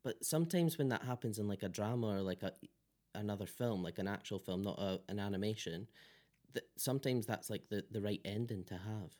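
A man's voice: lowish voice, brisk, a little mellow. A man co-hosting a podcast in casual chat, jokey and rambling, trailing off into filler words. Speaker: podcast co-host.

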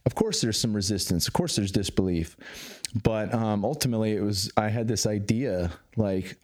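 A man in his thirties talking candidly as a podcast guest, swearing freely and getting animated. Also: lowish voice, moderate pace. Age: 30s. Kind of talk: casual interview conversation.

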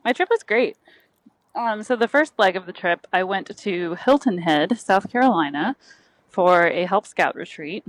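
A woman's voice: mid-range voice, animated, a little slow, low-quality recording. A woman chatting casually as a podcast co-host, laughing often. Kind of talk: casual chat.

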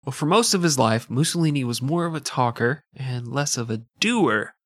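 A man's voice: mid-range voice, lively intonation, moderate pace, fairly bright tone, no room sound. A man telling history on a podcast, cracking sarcastic jokes between the facts. His voice sits in a middle register and is recorded close and dry, with no room sound. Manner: sarcastic, jokey asides between narration. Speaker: podcast host narrating history. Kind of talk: casual comedic history podcast chat.

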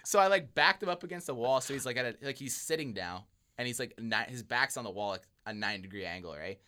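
Animated young man telling a story. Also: mid-range voice, fast. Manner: animated, acts out voices, laughs often. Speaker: podcast host. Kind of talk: casual storytelling.

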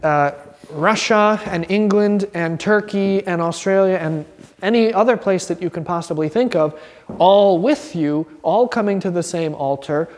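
A man teaching an informal Bible class as a pastor, earnest and animated, acting out quotes and restarting his sentences. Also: sits high, in a large hall.

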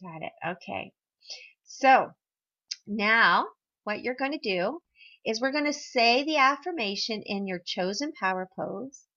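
A woman hosting a podcast, guiding listeners through an affirmation exercise in a gentle, encouraging way with a few fillers. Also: a little high, lively intonation, a little slow, highs cut off. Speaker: podcast host, wellness guide.

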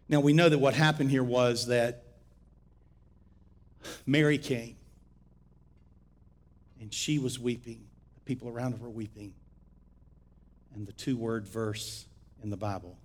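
A man preaching a sermon as pastor, shifting between shouted exhortation and quiet, close teaching. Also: medium pitch.

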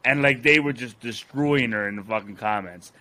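A man's voice: mid-range voice, moderate pace, sharp tone. A young man co-hosting a podcast, ranting in a heated, profane way. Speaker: podcast co-host. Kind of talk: casual podcast rant.

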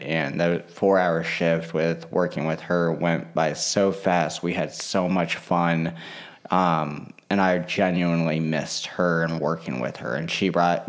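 A man in a casual vlog monologue, rambling with lots of fillers and restarts. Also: low-pitched.

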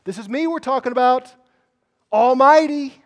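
A man's voice: very high-pitched, normal speed, voice pushed up. A man voicing God in a sermon, emphatically reminding a prophet of his power. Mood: reassuring. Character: God, mighty and reassuring.

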